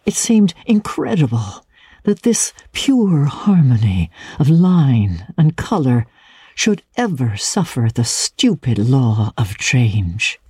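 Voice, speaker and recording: Woman narrator, dramatic reading of a classic novel, slow and measured, mellow, dry studio sound. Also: very deep voice, very animated, slightly rough, dry recording. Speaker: reader.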